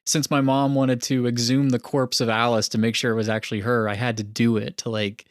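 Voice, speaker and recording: A man chats about films on a podcast, animated and quick to laugh, his speech full of restarts and filler words. His voice sits at an everyday pitch. The sound is dry and close. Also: dry recording. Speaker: podcast co-host. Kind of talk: casual film discussion.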